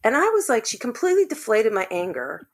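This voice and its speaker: A woman's voice: fairly high pitch, a little fast. A woman guest earnestly telling a personal family story in casual conversation. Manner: earnest, animated when quoting others. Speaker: podcast guest.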